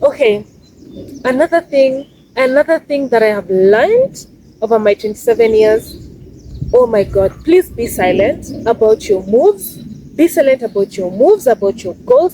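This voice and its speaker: A woman's voice: on the high side, big pitch swings, a little slow, mellow, slight background noise, poor audio. A Kenyan woman in her twenties giving emphatic, casual life advice in a vlog, repeating her points for stress. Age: 20s. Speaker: vlogger.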